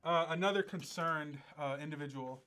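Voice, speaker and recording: A man's voice: fairly high pitch, normal speed, a little hiss or hum. A young man co-hosting a student livestream, joking and laughing a lot. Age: young adult. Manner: playful, laughs often, animated. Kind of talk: casual joking chat.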